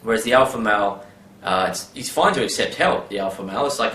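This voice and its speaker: A man's voice: fairly low pitch, animated, quick pace, pushed and bright. A man giving a casual advice monologue, rambling with many fillers and tag questions. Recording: roomy with faint background ambience.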